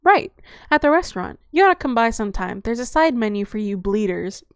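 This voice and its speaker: A woman's voice: on the high side, sing-song, a little fast, clean tone, dry recording, clean studio sound. A woman voicing a chatty, blunt young-looking female vampire who talks with crude slang and breezy patter.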